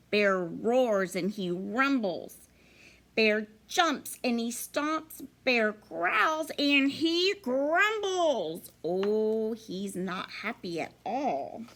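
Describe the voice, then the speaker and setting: Teacher lady doing storytime, super slow, bouncy voice with some gravel. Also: a little high. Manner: animated, expressive, slow and deliberate. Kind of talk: reading a picture book aloud to children.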